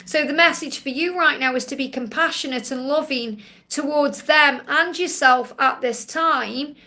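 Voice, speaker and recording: Bright high-voiced woman reading cards. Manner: soothing, reassuring, repeats phrases. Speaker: tarot card reader. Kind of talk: live-stream card reading.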